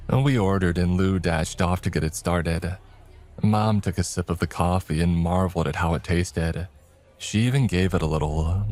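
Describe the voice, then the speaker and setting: A man's voice: deep voice, moderate pace, darkish tone, soft background music. A man narrating a first-person horror story in a wry, scripted storytelling manner.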